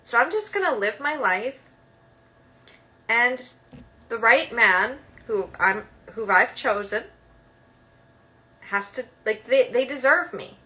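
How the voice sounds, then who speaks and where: A woman in her thirties hosting her own show. She chats casually and emphatically in a bright, somewhat high voice, scattering filler words as she goes. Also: expressive, slow, long pauses. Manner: chatty, lots of "like" fillers, emphatic. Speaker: host. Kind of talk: casual monologue.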